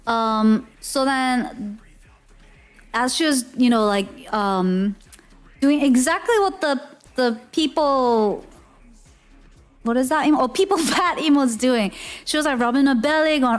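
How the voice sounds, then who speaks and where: A woman's voice: high-pitched, unhurried, soft background music. A young woman from Korea, telling a story in a chatty, giggly way with lots of fillers. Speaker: streamer. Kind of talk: casual storytelling.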